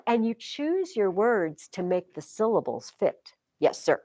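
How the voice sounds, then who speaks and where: A woman teaching a high school English class, explaining poetry in a chatty, lively way. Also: measured pace, no echo. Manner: chatty, explains with sing-song rhythm examples. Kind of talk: classroom lecture.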